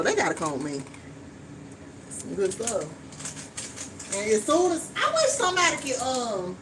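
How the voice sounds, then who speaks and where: A woman with a drawl talks frankly and casually, swearing now and then as she cooks in her kitchen. She sounds a little distant from the microphone. A clear layer of background noise runs under her voice. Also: a little high. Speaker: vlogger. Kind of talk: casual chat while cooking. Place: home kitchen.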